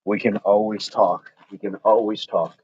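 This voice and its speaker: A middle-aged man livestreams his outdoor workout, counting reps and reading viewer comments between casual asides. He speaks at a normal pace in a fairly low, darkish voice with little pitch movement, and the recording sounds dull and lo-fi with faint noise.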